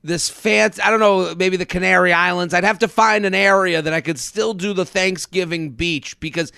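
High-voiced joking man host. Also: steady tone, moderate pace, vocal fry, pushed and bright, smooth, no echo, clean studio sound. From United States. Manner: joking, rambling with restarts. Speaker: podcast host. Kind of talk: casual podcast chat.

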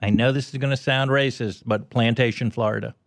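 A middle-aged American man chatting on a podcast, eager and tumbling over his own sentences. His voice sits at an ordinary pitch. The sound is close and dry. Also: creaky, no echo. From United States. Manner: animated, explains in quick restarts. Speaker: comedian guest. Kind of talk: casual podcast chat.

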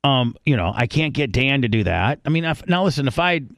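A man's voice: medium pitch, very animated, fairly quick, creaky, a bit bright, no echo. Male radio host, loose profane rambling, dry close studio sound. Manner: rambling, profane, many restarts. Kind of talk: casual crude chat.

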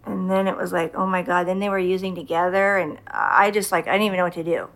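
Fast and fairly low-pitched, a middle-aged mother relates a story during a relaxed interview. She brings it to life by acting out her own quotes from the time.

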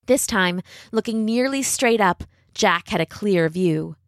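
A woman reads a fairy tale aloud in a scripted, expressive manner. Her voice sits at a middle pitch. She draws out tense moments, and the sound is close and dry with no room around it. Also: a little slow, dry recording. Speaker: storyteller.

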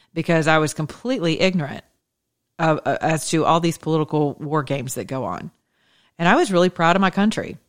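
A woman's voice: sits low, clean tone. A woman giving an opinionated, chatty monologue to her followers, emphatic and sarcastic. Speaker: political commentator.

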